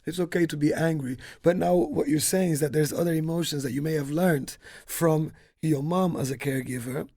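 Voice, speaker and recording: A man's voice: a little high, steady tone, brisk, vocal fry, few pauses, mellow. Thoughtful hesitant man explaining. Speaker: guest. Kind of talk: casual book discussion.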